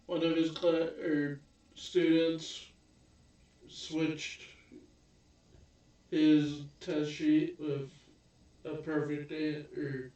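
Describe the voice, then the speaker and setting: A man chips in slowly and hesitantly, correcting his own words. His slightly raised voice sounds dull and distant, rolling around a very roomy space. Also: a little high, flat delivery, dark tone. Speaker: podcast co-host. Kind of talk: casual chat. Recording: echoey room, distant muffled mic.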